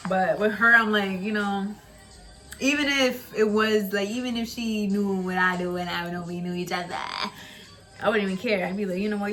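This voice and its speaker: In a candid, rambling vlog, a young woman chats casually to camera, telling a story, swearing freely and laughing often. Her voice is medium in pitch and fairly bright, with fairly even intonation and normal speed, over soft background music.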